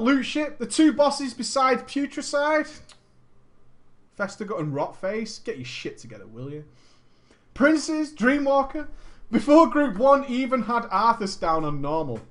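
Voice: medium pitch, very animated, measured pace. A person reading a gaming story aloud and mocking it, with sarcastic commentary, frequent laughter and swearing.

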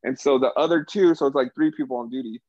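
A young man telling a story in a casual chat, swearing a lot and loudly acting out the people he quotes. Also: mid-range voice, fast, no echo. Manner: animated, profane, acts out quotes loudly. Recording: dull lo-fi sound.

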